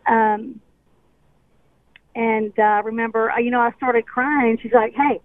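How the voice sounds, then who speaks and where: A woman's voice: a little high, level tone, slow pace. A woman calling in to a radio show, chatty and self-deprecating. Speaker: caller. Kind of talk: phone-in conversation. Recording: tinny phone line.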